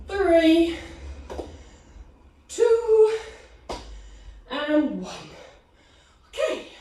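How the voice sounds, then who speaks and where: A woman's voice: high-pitched, a little mellow, slight background noise. A woman leading a live online pilates class, counting reps aloud with upbeat cues, out of breath. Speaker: pilates instructor. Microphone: video call. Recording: echoey room, distant from mic.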